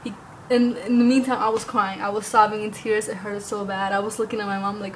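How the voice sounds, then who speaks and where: A woman's voice: mid-range voice, flat delivery, fairly quick, slight background noise, poor audio. Rambling young woman vlogging. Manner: rambling, heavy use of "like", occasional cursing. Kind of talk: casual storytelling to camera.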